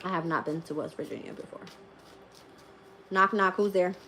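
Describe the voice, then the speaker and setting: A woman's voice: on the low side, moderate pace, a little hiss or hum. Laughing, swearing woman streamer. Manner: laughs often, swears freely, animated storytelling. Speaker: tarot reader streamer. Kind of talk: casual live-stream chat.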